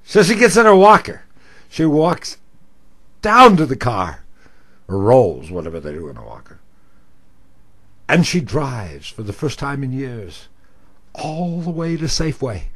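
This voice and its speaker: An older man, a former radio talk host, telling a story in an animated, self-mocking way. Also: medium pitch, measured pace, pauses often, husky. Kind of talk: storytelling monologue.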